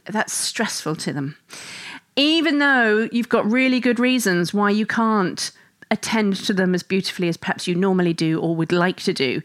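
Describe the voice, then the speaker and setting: A woman talking softly and reassuringly to listeners about family life, at a middle pitch. The sound is dry and close, with no room around it. She speaks as an understanding mother in an unhurried, conversational flow. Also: no echo. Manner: gentle and reassuring, acts out stressed inner thoughts. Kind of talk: reflective talk to listeners.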